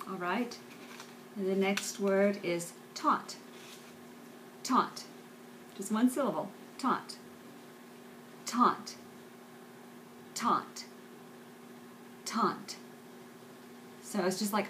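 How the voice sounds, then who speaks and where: A woman teaching English vocabulary, pronouncing each word slowly several times and explaining the stresses and syllables. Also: mid-range voice, a little hiss or hum, low-quality recording. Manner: slow, careful enunciation, repeats each word. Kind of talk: pronunciation lesson, slow repetition.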